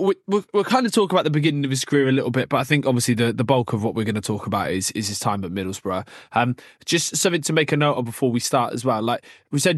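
A man's voice: mid-range voice, no room sound, studio quality. Jokey man rambling about football. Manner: rambling, jokey, laughs often, many restarts. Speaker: podcast host. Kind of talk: casual football podcast chat.

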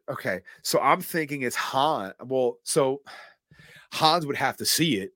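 A man's voice: medium pitch, a little slow, no room sound. A man co-hosting a podcast, animatedly retelling a film scene by scene in casual chat and acting out the quotes. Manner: animated storyteller, acts out quotes and swears casually. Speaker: podcast co-host recapping a film.

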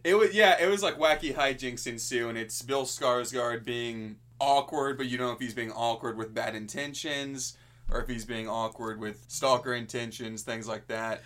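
A man's voice: medium pitch, fairly bright tone. A man co-hosting a casual movie discussion, chiming in and agreeing as they talk through the plot. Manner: chatty, quick to agree and chime in. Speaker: podcast co-host.

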